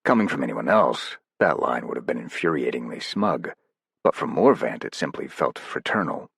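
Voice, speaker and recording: A man narrating a thriller audiobook in a steady, even storytelling manner. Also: very deep voice, normal speed, gravelly, husky, dry recording, studio quality. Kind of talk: scripted narration.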